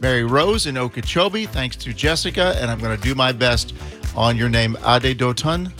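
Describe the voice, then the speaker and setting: Male radio co-host, mid-pitched, easygoing banter, soft music under. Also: expressive, normal speed. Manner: chatty, jokey, thanks donors.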